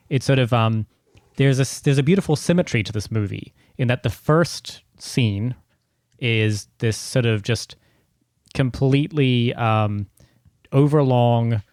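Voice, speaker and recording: A sardonic man talking casually on a podcast, rambling and swearing freely. His voice is mid-pitched and ordinary, and the sound is very dry and close, with no room at all. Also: a little mellow, no echo. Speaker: podcast co-host.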